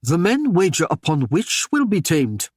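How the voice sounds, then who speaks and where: A man's voice: a little high, huge pitch swings, a little slow, slightly rough, no echo, exaggerated voice. A man voicing a blunt male Viking warrior who makes dry remarks. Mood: wry.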